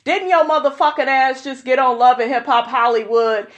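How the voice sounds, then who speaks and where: A woman's voice: high-pitched, steady tone, moderate pace, highs cut off. Sassy, profane young woman vlogger. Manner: blunt, profane, sassy, calls viewers honey. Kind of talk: casual reality-TV commentary.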